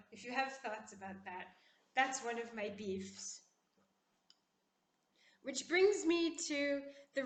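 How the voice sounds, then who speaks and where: A woman vlogger chats in a deliberately poised, classy voice that sits a little high for a woman. She talks with strong opinions and lively energy. The recording is echoey, as if made in a bare room. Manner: putting on a poised, classy-sounding voice; opinionated and animated. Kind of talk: casual chatty commentary.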